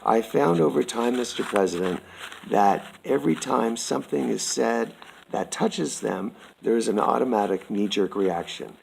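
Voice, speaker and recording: A man from Canada reading a prepared statement aloud, slow, formal and earnest, addressing the listener as sir. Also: medium pitch, creaky, darkish tone, a little hiss or hum, low-quality recording.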